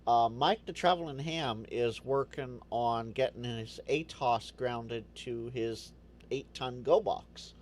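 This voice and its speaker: A man's voice: medium pitch, slow. A man hosting a casual livestream, chatting to viewers, rambling and stammering, often repeating words as he restarts. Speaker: livestream host.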